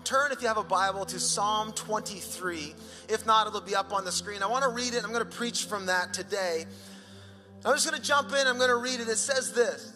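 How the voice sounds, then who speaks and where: High, bright-voiced pastor in a reverberant church. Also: male voice, brisk. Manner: animated, jokey, raps a song line for laughs. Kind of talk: sermon. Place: church auditorium. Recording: long hall reverb with faint music.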